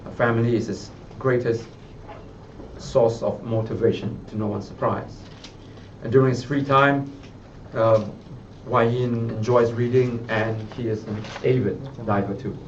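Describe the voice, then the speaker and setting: A man's voice: mid-range voice, steady tone, unhurried. A Singaporean man reads a candidate's profile aloud at a press conference in a party office. He is recorded from a distance, so his voice is muffled and set against faint background hum. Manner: reads a prepared biography, then speaks off the cuff with restarts. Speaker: party spokesman. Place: party office, room with reporters. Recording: muffled sound from a distant mic.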